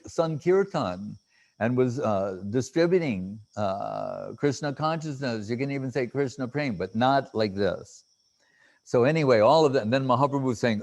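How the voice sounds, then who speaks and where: A man's voice: mid-range voice, darkish tone. A man speaks as a spiritual teacher in a devotional talk. He halts often, fills gaps with hesitations and restarts, and stumbles through recited Sanskrit verses. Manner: halting, with many fillers and restarts.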